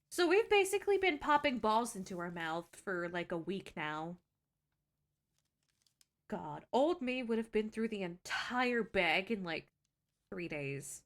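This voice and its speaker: Lively chatty young woman streamer. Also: medium pitch. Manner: chatty, self-deprecating, swearing. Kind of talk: casual stream chat.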